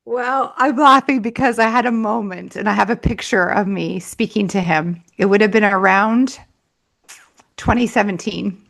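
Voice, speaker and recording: A woman's voice: medium pitch, moderate pace, creaky, fairly bright tone. Woman, interview guest, money coach, chatty storytelling, mid-range voice. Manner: chatty, laughing, many "like" fillers.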